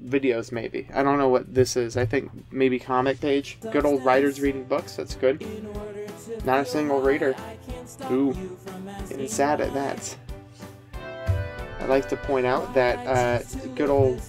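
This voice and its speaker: A man's voice: mid-range voice, little pitch movement, a little slow, long pauses, over music. A man giving sarcastic video commentary, rambling with frequent restarts and asides. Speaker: commentary youtuber.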